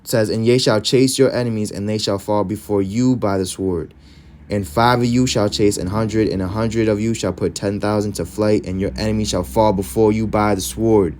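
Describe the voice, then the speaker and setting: A man's voice: on the low side, steady tone, normal speed, darkish tone. A man preaching, reading scripture verses aloud and following each with short, emphatic comments.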